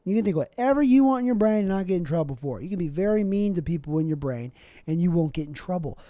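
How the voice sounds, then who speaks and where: A young man delivering a rambling, deadpan comedic monologue with absurd asides, as a vlogger. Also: high-pitched, quick pace, no echo.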